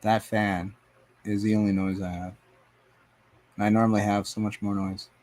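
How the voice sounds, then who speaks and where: A man's voice: lowish voice, flat delivery, moderate pace, a little mellow. A man live streaming as he paints, rambling to himself and his chat in a casual, profane way. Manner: rambling, talks to himself and chat, swears often.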